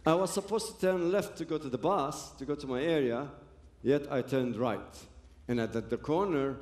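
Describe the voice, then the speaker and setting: A man's voice: on the high side, moderate pace, darkish tone, roomy sound. Man telling his story. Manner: earnest storytelling with broken phrases and restarts. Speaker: speaker giving a personal testimony. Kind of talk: personal testimony to an audience.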